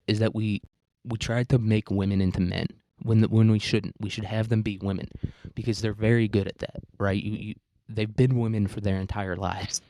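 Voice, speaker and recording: A young man with a rambling, crude, deadpan manner, ranting satirically as a podcast host on a close microphone. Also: lowish voice, dry recording. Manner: rambling, crude, deadpan provocative, many restarts. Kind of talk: satirical comedic rant.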